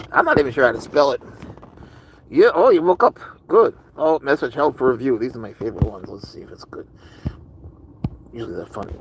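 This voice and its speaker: A man talks in a loose, rambling way as he hosts a casual livestream and answers his viewers' chat. His voice has a gravelly, fry-laden edge at an ordinary middle pitch, with faint noise behind him. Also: rough recording. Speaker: livestream host with pet cat.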